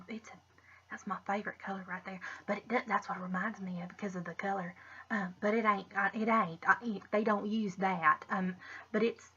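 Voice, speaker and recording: A woman's voice: mid-range voice, fairly even intonation, normal speed, fairly bright tone, slightly rough. A woman chatting through a casual makeup tutorial, rambling, restarting with "but anyways" and muttering asides to herself. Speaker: makeup vlogger. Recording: dull lo-fi recording.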